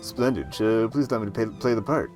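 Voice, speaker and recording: A man's voice: medium pitch, fast, darkish tone, soft background music, close to an everyday voice. A man voicing a proud retired British army major in his older years, with a light put-on British accent and formal, gallant military bluster.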